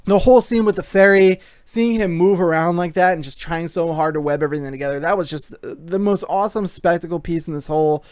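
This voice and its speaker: A man giving a casual movie review, excited and rambling, with lots of fillers. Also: a little high, a little fast, hardly any pauses, smooth, no room sound, clean studio sound.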